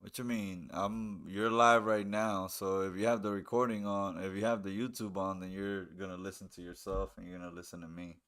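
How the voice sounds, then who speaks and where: A man's voice: low voice, little pitch movement, fairly quick, few pauses, a bit bright. A man hosting a live stream, chatting casually and commenting on a game, with a laid-back manner and a habit of repeating phrases.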